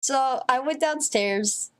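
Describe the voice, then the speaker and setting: A woman's voice: high voice, slow. A woman vlogger telling a rambling, profane story in a casual monologue, full of swearing, fillers and restarts.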